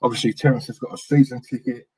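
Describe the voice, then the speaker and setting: A man's voice: mid-range voice, steady tone, quick pace, dark tone, breathy edge, poor audio. A man in his thirties, hosting a live fan stream and ranting in frustration, repeating himself and calling out names from the chat.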